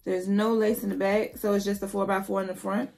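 A woman's voice: mid-range voice, flat delivery, brisk, a little mellow, faint music behind. A woman hosting a casual wig review vlog, chatty and playful, talking straight to her viewers. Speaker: beauty vlogger.

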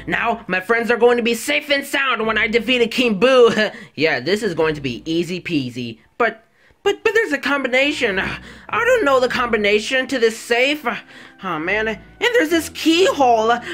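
Man doing a nervous timid hero, stammering, high lively voice, tense edge, plush toy video. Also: heavily acted. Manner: nervous, stammering, easily panicked. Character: jumpy timid male plumber hero.

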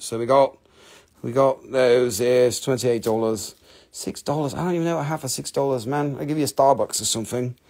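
A man hosting a live sales stream from his home, with rushed, joking sales patter. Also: medium pitch, darkish tone. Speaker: live-stream seller of rocks and jewelry.

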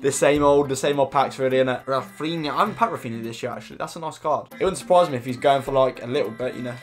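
A man's voice: mid-range voice, fast. A young man with an English accent chatting his way through a football game pack opening, rambling with lots of fillers. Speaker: gaming YouTuber. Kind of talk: casual gaming commentary. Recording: music playing behind.

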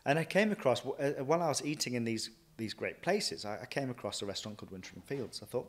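A man, a chef and restaurant owner, telling stories from his career in a lively way, often acting out what he thought and said. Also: medium pitch, fast, few pauses. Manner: lively anecdotal, quotes himself often. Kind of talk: casual interview storytelling.

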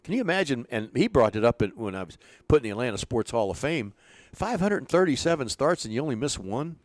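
An older man, a former pitching coach, telling stories in an interview and acting out the lines of people in them. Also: fast, dry recording. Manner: animated storyteller, acts out quoted dialogue. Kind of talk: storytelling in an interview.

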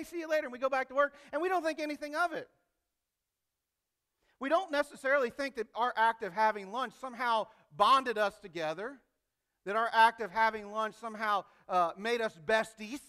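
Pastor, male, high and bright-toned, lively conversational preaching with acted-out quotes. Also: clear, resonant tone. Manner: animated, acts out quoted voices. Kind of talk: sermon.

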